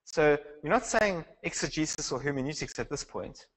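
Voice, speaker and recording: A man's voice: fairly high pitch, animated, normal speed, fairly bright tone, low-quality recording. A man teaching a Bible class in a conversational lecture style, asking the class questions and restarting his sentences. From South Africa.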